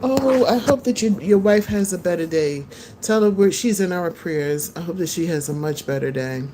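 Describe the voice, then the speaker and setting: A woman's voice: fairly low pitch, normal speed, noisy background. A woman hosting a live-stream podcast, chatting loosely with her viewers and answering their comments. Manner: chatty, rambling, talks to viewers. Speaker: podcast host. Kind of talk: casual live-stream chat. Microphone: phone.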